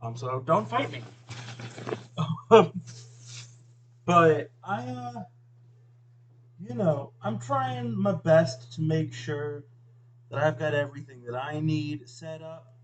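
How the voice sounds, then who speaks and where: While cooking at home, a video host rambles casually to a friend off camera, full of fillers and self-deprecation, his eyes watering from onions. His voice is a little high and slow with frequent pauses; the audio has its highs cut off and slight background noise.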